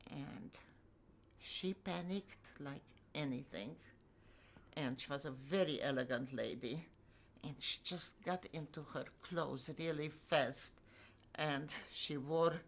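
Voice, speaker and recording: Older lady telling her life story, low gravelly voice, wry and heartfelt. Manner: vivid, emotional recounting with wry humor. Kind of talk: personal storytelling.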